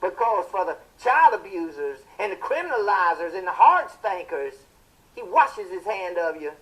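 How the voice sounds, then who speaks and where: An actor playing a fiery male television preacher, delivering a sermon in a booming, impassioned style with drawn-out emphatic phrases. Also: very animated, fairly bright tone, low-quality recording.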